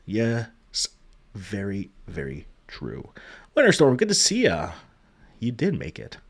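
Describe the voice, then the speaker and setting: A man's voice: mid-range voice, huge pitch swings, measured pace, husky. Man greeting chat on a livestream. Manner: greets chat viewers by name, soft and warm-hearted; trails off with many ums and uhs. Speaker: livestream host. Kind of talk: casual memorial livestream chat.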